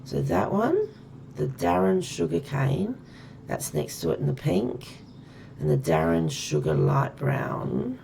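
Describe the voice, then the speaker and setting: A woman's voice: low-pitched, huge pitch swings, slow, gravelly, dark tone, slight background noise. A woman chatting casually and thinking aloud as she plays a game on stream. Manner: chatty, thinks aloud while counting items. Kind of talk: casual gameplay commentary.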